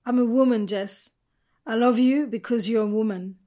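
A woman's voice: a little high, moderate pace, dark tone, close to an everyday voice. Woman narrator doing a passionate young woman, emotional and emphatic, audiobook character. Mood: earnest.

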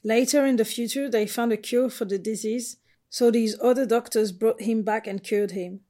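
A woman reading the part of Grant, a brash, rough-spoken butch woman, in a storybook narration. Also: a little high, fairly even intonation, moderate pace, mellow, close to an everyday voice. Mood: sad.

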